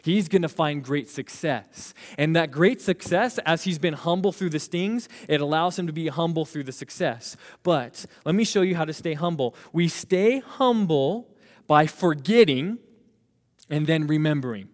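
A man preaching a sermon, leading the congregation in call-and-response and slowing down to stress key phrases. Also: fairly high pitch. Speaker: pastor. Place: church sanctuary. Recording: reverberant hall.

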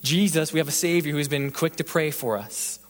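A male pastor giving an evening sermon and prayer, preaching emphatically with repeated rhetorical questions and swinging between intense passages and hushed ones. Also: on the high side, a little fast. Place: church sanctuary. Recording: long hall reverb.

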